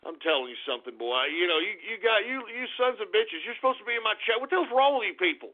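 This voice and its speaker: A man hosting a talk radio show, reading chat names aloud and launching into angry, cursing, shouted tirades. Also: sits high, big pitch swings, brisk. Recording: tinny phone-like radio sound.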